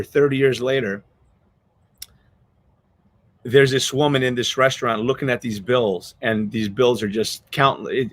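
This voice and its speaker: A man's voice: medium pitch, a bit bright, dry recording. A man hosting a podcast, telling a story in a rambling, earnest way with many restarts, choked up with emotion. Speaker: podcast host. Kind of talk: casual storytelling chat.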